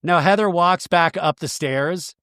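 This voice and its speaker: A man hosting a podcast, recapping a reality show in a casual, animated and gossipy way, laughing and swearing as he goes. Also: fairly high pitch, a little slow, clean tone, no echo, studio quality. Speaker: podcast host.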